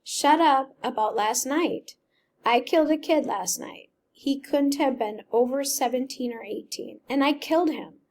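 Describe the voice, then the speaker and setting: A woman's voice: high voice, unhurried, darkish tone, pitched above the performer's own voice. A woman reading aloud as a frightened, remorseful teenage boy, in a plain reading voice with a slight emotional lift. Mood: anguished.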